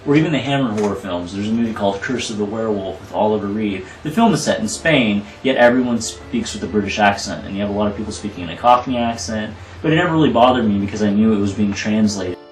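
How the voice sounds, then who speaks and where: A film director answering interview questions with earnest, rambling explanations. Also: male voice, lowish voice, fast talker, hardly any pauses, far from the mic, a little hiss or hum. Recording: roomy, from off the mic.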